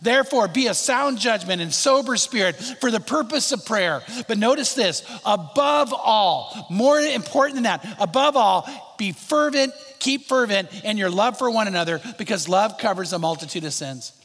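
Middle-aged pastor guy preaching hard, high voice, big echoey church. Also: animated, moderate pace, hardly any pauses, fairly bright tone. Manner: fervent, repetitive preaching cadence. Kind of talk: sermon. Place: large church hall. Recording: long reverb of a large hall.

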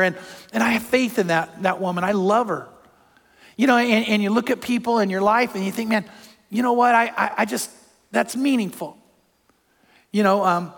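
An older man, a pastor, preaching a sermon in a church, telling stories with animated shouts. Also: sits high. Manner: animated storytelling, acts out crowd shouts. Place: church sanctuary. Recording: long hall reverb.

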